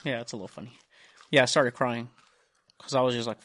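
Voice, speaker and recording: A man's voice: medium pitch, fairly even intonation, fast, fairly bright tone. A young man on a casual podcast, telling a long rambling story full of swearing and quoted dialogue. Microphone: studio mic.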